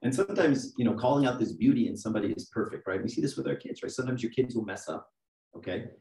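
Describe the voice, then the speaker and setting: A man's voice: medium pitch, animated, fast, creaky, warm tone. A middle-aged man preaching a conversational sermon as archdeacon, often checking in with the congregation. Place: church. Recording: echoey room, mic from a distance.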